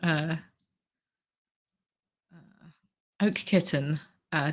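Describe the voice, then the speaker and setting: A woman's voice: deep voice, normal speed, a bit bright. A woman in her thirties hosting a casual livestream, hesitant, with many ums and restarts as she reads out the chat. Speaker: livestream host.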